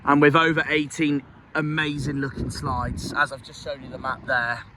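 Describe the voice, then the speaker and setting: A young man from Cornwall talking casually in a football vlog, excitable and quick to shout and swear. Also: medium pitch, noisy background. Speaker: football vlogger.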